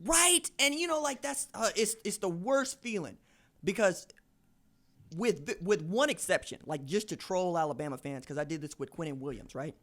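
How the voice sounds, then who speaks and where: A man hosting a casual sports podcast, telling animated stories and acting out quoted voices. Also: sits high, moderate pace. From Tulsa, Oklahoma. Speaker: podcast host.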